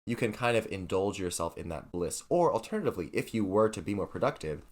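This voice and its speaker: Low-voiced playful teen guy. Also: expressive, quick pace, darkish tone. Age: teens. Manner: playful, teasing, slips into silly voices. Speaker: podcast co-host. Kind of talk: casual chat.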